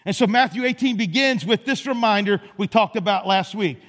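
Male pastor, emphatic sermon delivery, higher register, long church reverb. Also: fairly quick, hardly any pauses, fairly bright tone. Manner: emphatic, repetitive preaching cadence. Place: church sanctuary.

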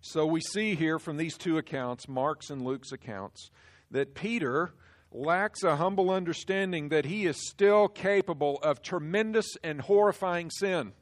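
A male pastor delivers a sermon in a somewhat high voice. He presses his points hard, dropping to a hush on sobering lines and rising to full force on warnings. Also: unhurried. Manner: emphatic, swings from hushed to loud.

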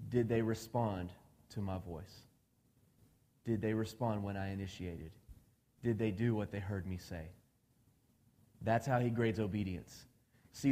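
A man's voice: mid-range voice, darkish tone. Man preaching in a reverberant hall. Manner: conversational, asks the congregation questions, acts out quoted dialogue. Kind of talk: sermon. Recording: long reverb of a large hall.

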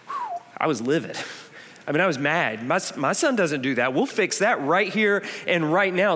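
In a church auditorium whose hall leaves a long reverb, a male pastor in his thirties delivers his sermon as conversational storytelling, repeating key points for emphasis. He sounds fairly bright, with a voice pitched a little high.

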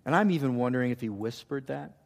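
A man preaching a sermon, swinging from loud emphatic lines to hushed, intimate ones. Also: medium pitch, moderate pace. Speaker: pastor.

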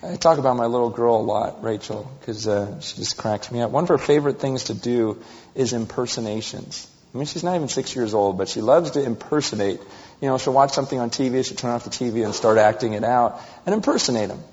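Guy preaching a sermon, goes loud then quiet telling his story, muffled echoey hall sound. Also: medium pitch, brisk. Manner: animated storytelling, swinging from loud to hushed. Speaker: pastor. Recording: dull reverberant hall recording.

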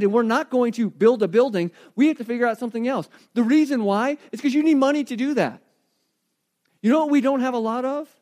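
Guy pastor preaching, high voice, storytelling then going real quiet for emphasis. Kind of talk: sermon.

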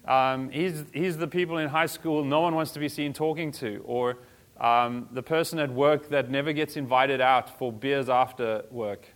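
A man's voice: medium pitch, fairly even intonation, normal speed. A man, a pastor, giving a sermon in a casual, conversational way with everyday slang.

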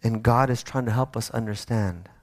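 A man's voice: mid-range voice, normal speed, no room sound, clean studio sound. A man preaching a sermon, conversational and emphatic, with frequent restarts.

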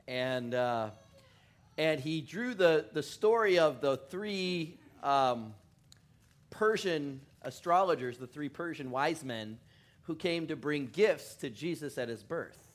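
A man's voice: fairly high pitch, lively intonation, slow pace. A male pastor giving a loose, joking sermon in a church, often chuckling, making fun of himself and rambling between asides. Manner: chuckling, self-deprecating, rambling. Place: church in California.

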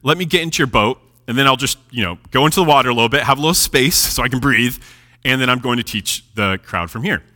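A man voicing a calm, kindly male teacher who speaks in casual, friendly modern phrasing. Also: medium pitch, fast talker, close to an everyday voice. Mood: reassuring.

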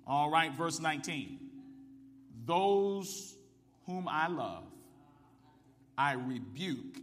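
A male pastor preaching a sermon from the pulpit, calling on the congregation to answer back and building up to shouts. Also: sits high, in a large hall. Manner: call-and-response preaching, rising to shouts. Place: church sanctuary. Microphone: microphone with ring.

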